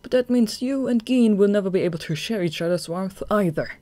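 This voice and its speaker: A narrator voicing a steady, protective young man, speaking earnestly and firmly in a fan audiobook. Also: medium pitch, fairly quick, pitched above the performer's own voice, close to an everyday voice. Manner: earnest, firm.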